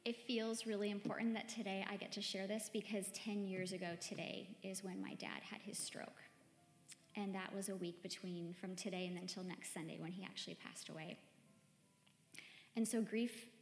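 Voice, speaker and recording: A woman's voice: mid-range voice, steady tone, normal speed, gravelly. Woman preaching in an echoey hall. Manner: chatty, warm-hearted, peppered with "like". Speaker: church speaker. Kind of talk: conversational sermon. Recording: echoey hall with long reverb, faint music.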